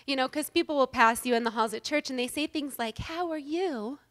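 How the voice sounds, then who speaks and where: A woman giving a humorous, self-deprecating inspirational talk to a live audience on stage, animated and joking. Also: sits high, quick pace. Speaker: inspirational speaker at a women's event.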